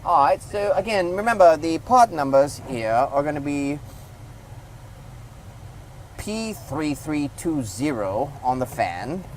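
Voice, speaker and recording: A man's voice: a little high, big pitch swings, slow, long pauses, a little mellow, slight background noise, rough recording. Man rambling through a gadget review. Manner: rambling, loose, talks to viewer while demonstrating. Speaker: product reviewer. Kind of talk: casual hands-on product review.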